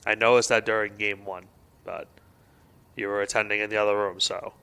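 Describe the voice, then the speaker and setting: Laid-back baseball color commentator, bright tone. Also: male voice, fairly low pitch, a little fast, smooth. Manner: relaxed, conversational analysis.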